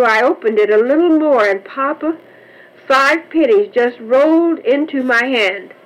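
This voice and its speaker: A woman's voice: fairly high pitch, low-quality recording. A woman voicing a tearful little girl under ten who pleads with her father. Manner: pleading, sobbing.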